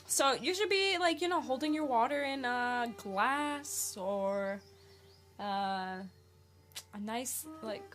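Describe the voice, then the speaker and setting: Woman host talking casually, kinda high pitched, rambly, keeps asking the listeners stuff. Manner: rambling, full of fillers, asks listeners questions. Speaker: podcast host. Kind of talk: casual spiritual podcast monologue.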